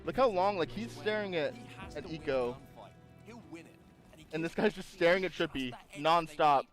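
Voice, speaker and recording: A man's voice: a little high, measured pace. A young man casually co-streaming a match, joking and acting out what the players might be thinking. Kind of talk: casual livestream watch-along chat. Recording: music playing behind.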